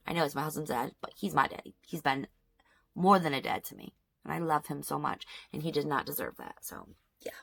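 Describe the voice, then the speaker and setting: Her voice is deep and a bit bright, with vocal fry and a breathy edge. She's a beauty vlogger in her thirties at home, doing her makeup while delivering an emotional storytime rant about something upsetting, outraged and emphatic, repeating herself for effect.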